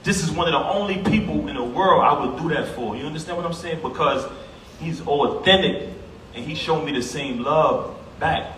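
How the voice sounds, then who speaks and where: A man's voice: fairly high pitch, moderate pace, a bit bright. New York man, heartfelt eulogy, emphatic and direct; distant mic, echoey, noisy funeral hall. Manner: emphatic, street-casual, talks straight to the crowd.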